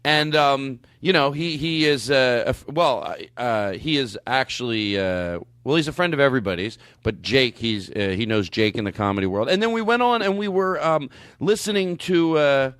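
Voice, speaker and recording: A man's voice: mid-range voice, normal speed, fairly bright tone, clean tone, no echo. A man hosting a podcast in casual chat, rambling with many restarts and fillers. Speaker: podcast host.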